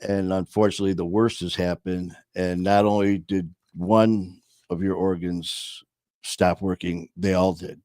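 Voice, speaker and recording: A man hosting his own show, telling a personal story in a slow, reflective way with many pauses and fillers. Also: low-pitched, flat delivery, a little mellow, no room sound, studio quality.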